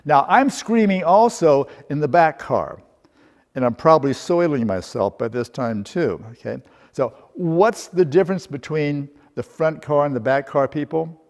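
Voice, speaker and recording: A man's voice: a little high, lively intonation, unhurried, darkish tone. Man lecturing with humor in a reverberant hall. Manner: humorous storytelling with rhetorical questions. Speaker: workshop presenter. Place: seminar room.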